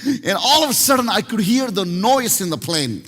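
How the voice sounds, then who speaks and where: High-voiced pastor preaching in a reverberant hall. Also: male voice, normal speed. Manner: animated storytelling with many restarts. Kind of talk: sermon.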